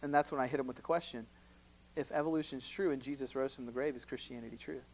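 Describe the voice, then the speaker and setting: A man's voice: mid-range voice, steady tone, fast, poor audio. A man, a campus minister, teaching a conversational question-and-answer session at church, laughing often and acting out both sides of sample dialogues. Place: church hall.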